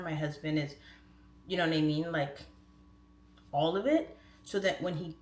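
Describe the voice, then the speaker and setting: A woman in her thirties chats into her stream like she's talking to old friends, rambling through comic stories and breaking into laughter along the way. Her voice sits on the low side, and the echoey room around her is easy to hear. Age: 30s. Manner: chatty, laughing, rambling asides. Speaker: livestream host. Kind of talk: casual chat, comic storytelling.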